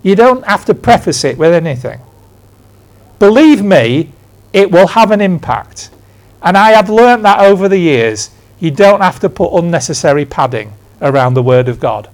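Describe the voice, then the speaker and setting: A man's voice: high voice, sing-song, normal speed. A man in his sixties from England, preaching a conversational sermon in church, telling stories with emphatic asides. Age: 60s. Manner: storytelling, emphatic, self-deprecating asides.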